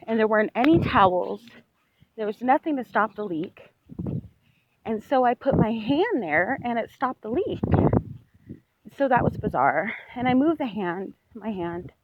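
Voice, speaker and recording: A woman vlogger recounting a dream as she walks outside, telling it in a rambling, animated way with lots of "like". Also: fairly high pitch, a little hiss or hum. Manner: rambling, animated storytelling full of "like". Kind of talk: walk-and-talk dream retelling. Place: outdoors on a street while walking. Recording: dull lo-fi recording.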